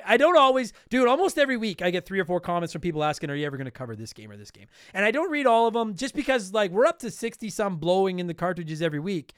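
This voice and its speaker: High-voiced, clear-toned profane podcast host. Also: male voice, no room sound, clean studio sound. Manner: blunt, profane, ranting. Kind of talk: casual podcast talk reading listener mail. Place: home room with game shelf.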